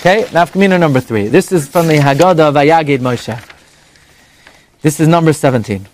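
Animated high-voiced man teaching a class. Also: slight background noise. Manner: animated and conversational, jumps between high exclamations and low asides; quick rhetorical questions and mock dialogue. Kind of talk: evening Torah class before a live audience.

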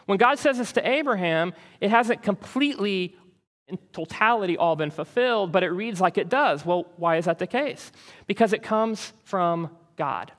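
A man preaching a sermon, teaching in an animated, conversational way and checking in with the listeners with frequent asides. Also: high voice, moderate pace, in a large hall. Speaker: pastor.

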